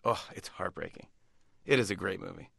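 A male comedian, a guest in an interview, telling stories in an animated way with frequent restarts. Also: deep voice, vocal fry, no room sound, studio quality. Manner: animated, many restarts, quick laughs. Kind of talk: casual interview storytelling.

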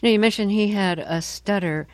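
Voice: mid-range voice, normal speed, no room sound. An interviewer asking engaged, prompting questions in a conversational interview.

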